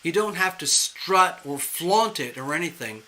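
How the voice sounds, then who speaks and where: A man reads tarot on a live stream, talking in a chatty, playful way. His voice sits somewhat high and sounds bright and forward. He keeps the delivery animated and conversational. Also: unhurried, low-quality recording. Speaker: tarot reader.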